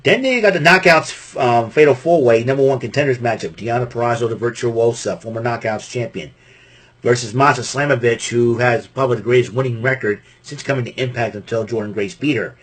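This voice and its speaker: Give me a husky-voiced man from Massachusetts casually recapping wrestling as a show host, laughing as he goes. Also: medium pitch, fairly quick. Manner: animated, laughing, rambling with restarts. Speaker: podcast host.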